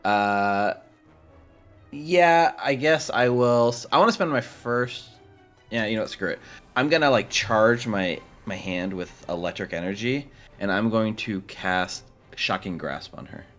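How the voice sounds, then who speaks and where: Low-ish voiced guy at a tabletop game, dry jokey tone, some quiet music under it. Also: expressive, unhurried. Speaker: player.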